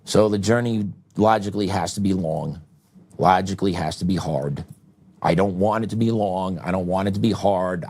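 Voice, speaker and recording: A man's voice: fairly low pitch, darkish tone. A middle-aged man hosting a show, delivering a heated political commentary monologue with asides and short laughs. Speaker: show host.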